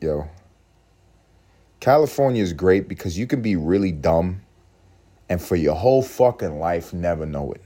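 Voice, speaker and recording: A man's voice: low-pitched, mellow. A man hosting a solo podcast, musing aloud in a profane, rambling way and laughing often. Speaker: podcast host.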